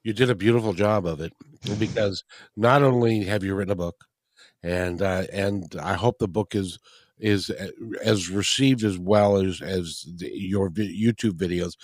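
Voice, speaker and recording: A man interviewing a guest, measured and earnest, slightly hesitant. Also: sits low, no echo, clean studio sound. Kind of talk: interview questions.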